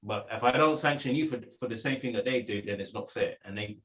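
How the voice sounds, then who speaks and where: Lively man, repeating himself. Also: fairly low pitch, fast, rough recording. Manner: lively, repeats words while telling a story. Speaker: schoolteacher in a Bible study discussion. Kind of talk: casual discussion.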